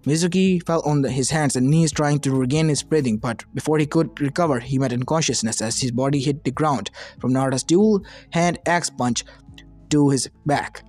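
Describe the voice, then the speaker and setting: A man's voice: mid-range voice, moderate pace. A man reading fan fiction aloud in a plain way with occasional slips. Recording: soft lofi music behind.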